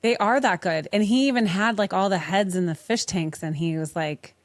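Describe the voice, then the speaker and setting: A woman's voice: mid-range voice, moderate pace, dry recording. A woman hosting a podcast, chatting casually, swearing freely and laughing often. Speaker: podcast host. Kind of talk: casual interview chat.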